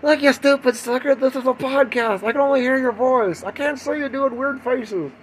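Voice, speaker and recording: A man's voice: very high voice, normal speed, a little hiss or hum, voice pushed up, rough recording. A man voicing a snide, scornful male critic who lectures. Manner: sneering, lecturing.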